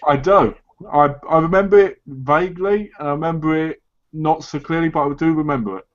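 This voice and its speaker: A man's voice: a little high, brisk, muffled recording. Easygoing man hosting a call. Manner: easygoing, brief reactions. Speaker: host of a live chat show. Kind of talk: casual chat.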